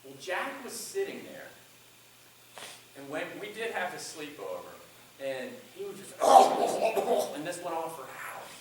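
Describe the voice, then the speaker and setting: A man's voice: on the high side, very animated, moderate pace, a crowd in the background. Man teaching public speaking in an echoey room. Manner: demonstrative, acts out speech lines. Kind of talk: classroom talk on speechwriting. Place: college classroom. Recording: echoey classroom from far off.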